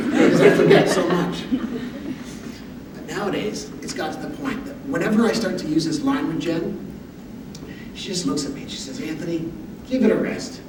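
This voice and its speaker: A man giving a motivational talk, telling humorous personal stories with an animated, self-deprecating delivery. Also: sits high. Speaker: motivational speaker. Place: university lecture hall. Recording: echoey hall audio from far off with background noise.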